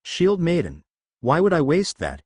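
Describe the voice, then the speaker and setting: A man reading the lines of a stern, seasoned male viking commander in a measured, instructive way, as storybook narration. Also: fairly high pitch, huge pitch swings, darkish tone, slightly rough, no room sound, pitched above the performer's own voice, full character voice. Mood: firm.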